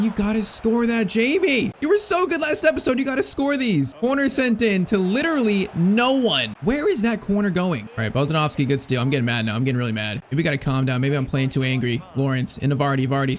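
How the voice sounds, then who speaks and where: A young man rattles through live gameplay commentary at high speed, his voice sitting a bit higher than most men's. He swings between excitement and exasperation, tossing in "bro" and "man", with a faint hiss behind him. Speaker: gaming YouTuber.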